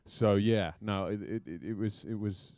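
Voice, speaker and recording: A man, an actor guest, talking in a halting way with many restarts and a dry sense of humor. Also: fairly low pitch, steady tone, warm tone, no echo. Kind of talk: casual interview chat.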